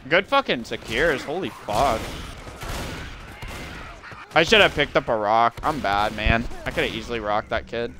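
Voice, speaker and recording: A young man streaming a team game live, giving rapid callouts and countdowns to his teammates, slangy and swearing. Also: medium pitch, background noise. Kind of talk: live gameplay commentary to teammates.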